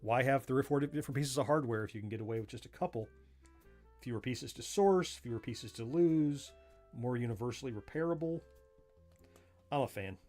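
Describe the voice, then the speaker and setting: A man's voice: mid-range voice, fairly quick, darkish tone, faint music behind. A man with a Southern US accent, hosting a livestream and chatting casually as he takes apart a joystick, folksy and self-mocking, chuckling and thinking aloud as he works. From born in southern Florida, family from Missouri. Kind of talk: casual livestream commentary while working.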